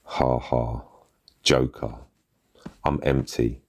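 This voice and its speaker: A man reads a gritty short story in the first person, his voice sitting very low in the chest. The tone is husky and breathy, and the telling stays bitter and blunt in street slang. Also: fairly even intonation, extremely slow, a little mellow, faint music behind. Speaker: narrator.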